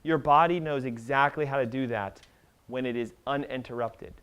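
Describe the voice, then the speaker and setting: A man giving an animated health seminar to a live audience, talking fast and emphatically and firing questions at the room. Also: mid-range voice, clear, resonant tone. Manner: emphatic, rapid-fire, asks the audience questions.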